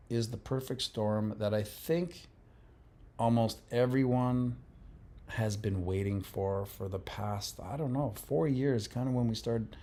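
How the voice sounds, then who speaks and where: A man hosting a livestream, reading viewer comments in a relaxed, rambling casual chat. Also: lowish voice. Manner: relaxed, rambling, laughs often. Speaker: livestream host.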